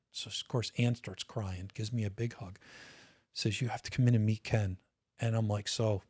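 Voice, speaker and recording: The retired state trooper, a middle-aged American, keeps recounting his own story with candor on the podcast, dropping the occasional curse and frequently starting sentences over. His voice runs low, a bit mellow and husky. The recording is dry and studio-clean.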